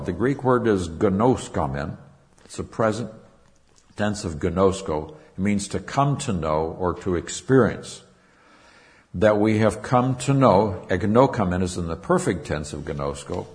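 A man preaching a sermon, explaining Greek words with emphatic, repetitive phrasing. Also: low-pitched. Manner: repeats words and restarts, with fillers. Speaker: Bible teacher.

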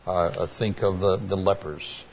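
A man's voice: sits low, flat delivery, unhurried, gravelly, darkish tone, a little hiss or hum. A man preaching a Bible sermon, earnest and plainspoken, often restarting his words with fillers.

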